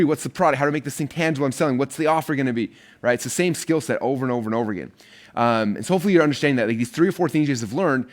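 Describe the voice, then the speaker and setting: Very fast-talking male course instructor. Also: mid-range voice. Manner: energetic, rambling, many fillers. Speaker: online marketing course instructor. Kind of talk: casual teaching talk.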